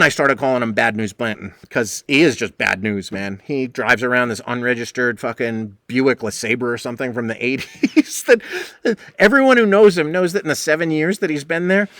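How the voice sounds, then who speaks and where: A man's voice: medium pitch, no echo, clean studio sound. A middle-aged man, hosting a podcast and telling a rambling, profane bar story, acting out the people in it. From New England, United States. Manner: animated, profane, acts out quoted voices.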